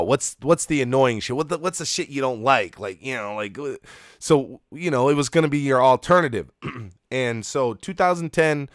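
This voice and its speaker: A man's voice: mid-range voice, dry recording, clean studio sound. A man in his thirties, co-host of a podcast, telling a rambling, profane story with lots of restarts. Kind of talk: casual storytelling.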